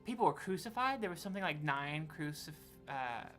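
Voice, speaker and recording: Low-voiced woman game master, rambling narration, faint music bed. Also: lively intonation, a little fast, a bit bright. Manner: rambling, self-correcting.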